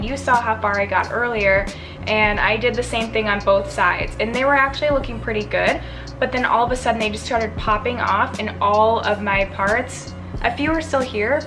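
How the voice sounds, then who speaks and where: A young woman with a Midwestern American accent, talking casually to camera in a rambling, chatty way that restarts mid-thought. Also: mid-range voice. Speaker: beauty vlogger. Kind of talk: casual vlog talk to camera.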